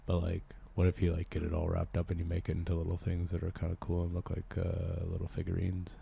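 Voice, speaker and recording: Oddball homebody put on by a man, hushed halting voice, deep and gravelly. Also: monotone, exaggerated voice. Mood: dreamy. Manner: quiet, halting, lowered voice. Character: odd sheltered man who never left home, hair-obsessed. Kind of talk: improv comedy scene.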